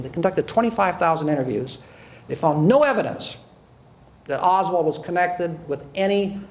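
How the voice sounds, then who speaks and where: A man's voice: a little high, a little mellow, slight background noise. An older man from the United States, a former prosecutor, giving a sarcastic, emphatic talk to an audience, often repeating and restarting words. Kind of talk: speech to an audience.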